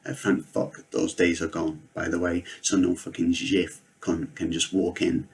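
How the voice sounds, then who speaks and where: A man, telling comedic stories in a deadpan, rambling, sweary way. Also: low voice, measured pace, gravelly. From Northwest England. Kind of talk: comedic storytelling monologue.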